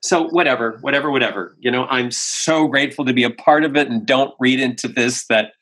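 A man, a voice actor, chatting in an interview and telling animated stories, slipping into voices as he goes. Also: medium pitch, a little fast, husky. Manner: animated storyteller, slips into voices and impressions. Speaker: voice actor guest. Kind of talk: casual interview chat.

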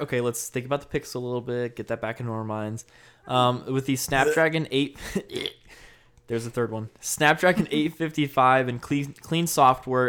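Regular-pitched guy hosting a tech chat, rambly, laughs a lot. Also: clean tone. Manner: relaxed, rambling, laughs often. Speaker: tech podcast host.

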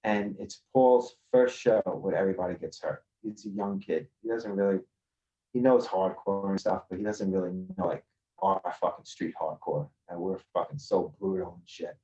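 Low-voiced, profane New storyteller. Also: male voice, moderate pace, dark tone, highs cut off. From Queens, New York. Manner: profane, swaggering street storyteller. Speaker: podcast guest. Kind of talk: casual storytelling. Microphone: video call.

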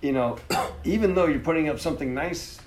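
A man's voice: a little high, brisk, a little hiss or hum. A man hosting a casual interview, jumping in eagerly with questions and comments. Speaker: podcast host.

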